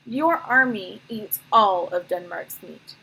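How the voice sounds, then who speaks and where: A young Danish girl, impatient and insolent toward the soldiers, read out by a woman telling a storybook. Her breathy voice stays in an ordinary middle range. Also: mid-range voice, takes it slowly, sharp tone, heavily acted, low-quality recording. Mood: defiant.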